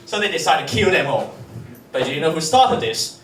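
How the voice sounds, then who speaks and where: A young comedy vlogger rambles through a comic monologue of crude stories, laughing at his own jokes. His voice is on the high side and a bit bright, swinging widely in pitch at a slightly fast pace. The recording sounds roomy and distant, with faint noise.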